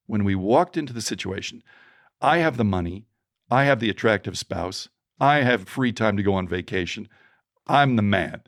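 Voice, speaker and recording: As a podcast guest, this gravel-voiced, low-pitched middle-aged man shares storytelling advice at normal speed, animatedly voicing the characters in his anecdotes. The audio is close and dry, free of echo.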